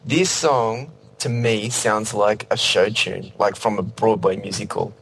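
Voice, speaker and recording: A man in a casual music review chat, talking in a relaxed, measured way with many fillers. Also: on the low side, gravelly, a little hiss or hum. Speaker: podcast co-host.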